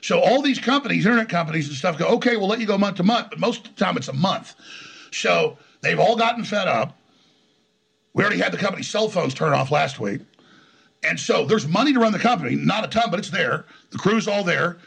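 A middle-aged man telling stories in an interview, talking fast and combatively with frequent restarts and repeated words. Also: high voice, expressive, gravelly, a bit bright, husky. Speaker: interview guest. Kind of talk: heated conversational storytelling.

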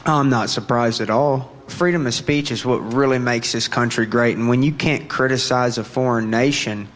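A man's voice: mid-range voice, fairly even intonation, normal speed, a bit bright, long reverb tail. A man answering an interview question emphatically and defiantly.

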